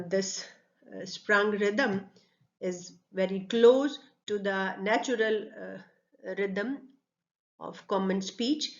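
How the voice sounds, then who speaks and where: Indian woman lecturing in a dull recording. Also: medium pitch. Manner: explains step by step with frequent fillers; mixes English with Hindi. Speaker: English lecturer. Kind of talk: classroom lecture.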